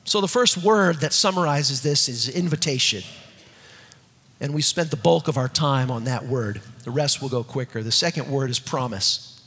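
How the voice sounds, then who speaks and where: A man preaching a sermon, emphatic and repetitive, dropping to soft low tones when reading scripture. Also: moderate pace. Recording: long hall reverb, husky.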